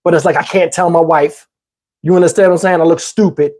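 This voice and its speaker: A man in his fifties hosting a livestream, telling a story casually and profanely, animated and rambling with many restarts. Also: a little high, fast talker. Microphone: wearing a microphone.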